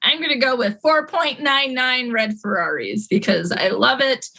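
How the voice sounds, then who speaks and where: A young woman hosting a podcast in casual chat, laughing often and getting animated when she quotes. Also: on the high side, moderate pace, vocal fry. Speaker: podcast host.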